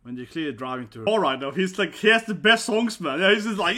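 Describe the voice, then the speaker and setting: A man chatters through a live reaction, laughing and exclaiming as he goes. His voice sits high, and its tone is very bright and sharp. He keeps tagging his remarks with quick questions to the listener. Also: lively intonation. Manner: laughs often, exclaims, tags lines with "right?" and "man". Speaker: reaction video host. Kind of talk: excited live reaction commentary.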